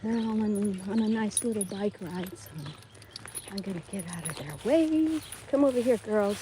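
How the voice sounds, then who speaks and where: A woman's voice: medium pitch, normal speed, dark tone, a little hiss or hum. A woman chatting casually as she walks her dogs on a neighborhood street, recording herself on a handheld phone. She rambles, calls to the dogs and laughs often. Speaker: dog-walking vlogger. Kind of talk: casual live walk-and-talk.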